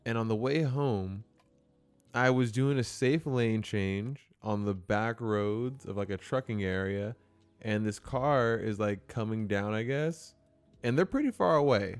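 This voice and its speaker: A man's voice: on the low side, a little slow, clear, resonant tone, soft background music. A man chatting casually, laid-back and swearing, acting out what people said. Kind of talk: casual chat.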